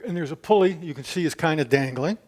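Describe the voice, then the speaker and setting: High-voiced man tinkering, chatting to himself. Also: lively intonation, fast, a little mellow. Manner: chatty, talks to himself while working. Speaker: DIY video maker. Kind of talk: hands-on repair demonstration. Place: home gym.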